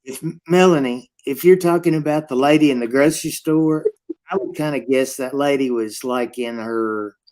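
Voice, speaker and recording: A man's voice: mid-range voice, darkish tone. Southern man with country twang. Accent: Southern US, East Texas. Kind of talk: casual group chat.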